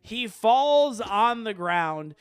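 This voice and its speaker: A man hosting and narrating a comedic tabletop game as game master, telling the story in a deadpan, drawn-out way. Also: sits high.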